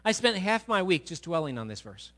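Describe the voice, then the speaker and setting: A man preaching a sermon as pastor to his congregation. He swings from loud to hushed and keeps asking the listeners questions. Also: on the high side, very animated, fairly quick. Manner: asks the congregation rhetorical questions. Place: church sanctuary before a congregation.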